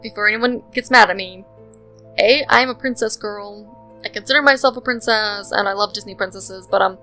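A woman's voice: mid-range voice, normal speed, bright, forceful tone, soft background music, low-quality recording. A young woman rambling casually with lots of fillers, giving voice-over commentary on a building game. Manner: rambling, chatty, lots of ums and likes. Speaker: Sims speed-build commentator.

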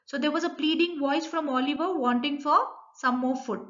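High-voiced Indian woman teaching prose. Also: normal speed, highs cut off. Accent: Indian English. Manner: reads a line, then restates it in simple words. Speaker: school English teacher. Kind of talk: reading a story aloud and explaining it.

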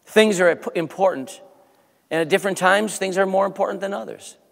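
A male pastor preaching to his congregation in a church sanctuary, his fairly high voice ringing with a long reverb. He builds emphasis through scripture, then drops into a quieter prayer. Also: brisk, gravelly. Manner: preaching with rising emphasis, dropping to a soft prayer. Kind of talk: sermon and prayer.

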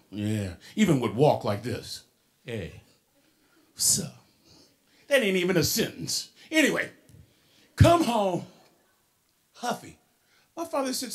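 A man in his sixties giving a motivational keynote to young people, preaching to the crowd, calling out to them and swinging between soft and shouted lines. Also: fairly high pitch, wildly swooping pitch, slow, long pauses. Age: 60s.

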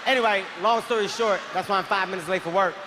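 A man performing a stand-up comedy routine, telling a profane, excitable story with bursts of shouting, recorded live on stage. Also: sits high, quick pace. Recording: live venue reverb with faint noise.

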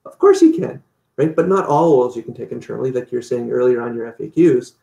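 A man with a gravelly, mellow voice speaks casually as an interview guest. He tells his story with energy and acts out quoted lines. The room gives his voice a noticeable echo. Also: medium pitch, fast.

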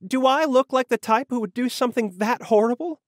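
A man's voice: very high voice, brisk, no room sound, studio quality, pitched above the performer's own voice. A man voicing a frightened young woman who pleads breathily for help in an audiobook. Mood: pleading.

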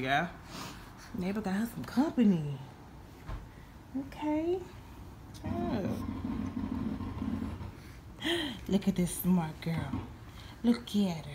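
Young mother, home vlog, lively sing-song baby talk; noisy phone recording. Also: fairly low pitch, slow pace, pauses often. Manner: sing-song, cooing and animated with children. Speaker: mother filming her children. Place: at home, indoors. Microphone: phone camera held by the speaker.

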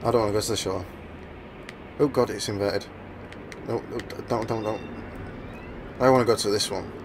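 A man giving let's-play commentary over his gameplay, excitable and exclaiming, at times mumbling. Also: fairly low pitch, moderate pace, noisy background. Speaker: gaming channel host.

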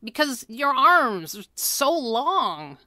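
A woman's voice: high-pitched, big pitch swings, slow, sharp tone, dry recording, studio quality, voice pushed up, exaggerated voice. A woman voicing a timid, eager young boy sidekick who speaks sheepishly and hesitantly.

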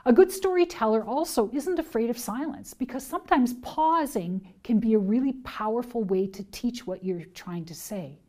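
A woman training teachers and parents, speaking in a clear, deliberate, teacherly way. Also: fairly high pitch, a little mellow. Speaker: children's ministry trainer. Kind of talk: instructional talk to teachers and parents.

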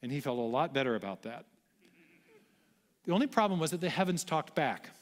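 A man's voice: on the high side, lively intonation, fairly quick, in a large hall. A man giving a public lecture, explaining step by step in an earnest way.

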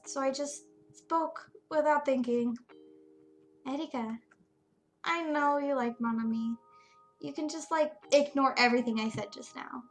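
A woman reading the lines of a shy, hurt young woman in a game, soft and hesitant as she admits her feelings. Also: high voice, measured pace, soft background music. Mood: hesitant, tender. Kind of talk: reading game dialogue aloud.

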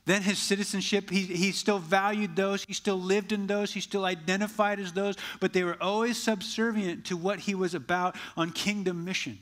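A man's voice: high-pitched, fairly even intonation, normal speed, few pauses, a bit bright. A male pastor preaching a conversational sermon, acting out quoted dialogue and often restarting phrases.

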